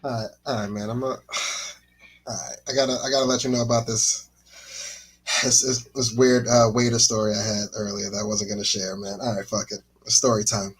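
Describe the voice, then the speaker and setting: A man's voice: lowish voice, little pitch movement, a little fast, slightly rough, poor audio. A man co-hosting a podcast, telling a story in a casual chat, acting out the voices of the people in it and laughing often. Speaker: podcast co-host.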